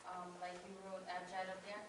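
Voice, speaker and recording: A woman's voice: lowish voice, completely flat delivery, a little fast, husky. A woman student asking the teacher hesitant questions in a classroom.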